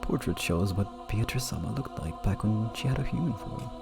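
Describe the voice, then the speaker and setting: Whispered role-play of an ominous old woman servant, put on by a man. The voice is low, gravelly and hushed, slow as if sharing a secret, over game music. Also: expressive. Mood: eerie, hushed.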